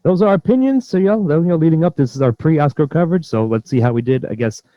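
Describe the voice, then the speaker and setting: A man's voice: on the high side, animated, fast, mellow, no room sound, muffled recording. A man co-hosting a casual podcast chat about films, rambling through fillers and restarts. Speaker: podcast co-host.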